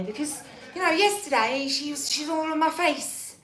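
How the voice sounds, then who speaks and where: A woman rambles through a restless monologue, swearing and hopping between topics. Her voice sits fairly high and comes from some way off the mic in an echoey room with a faint hum behind. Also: moderate pace, fairly bright tone, recorded from a distance.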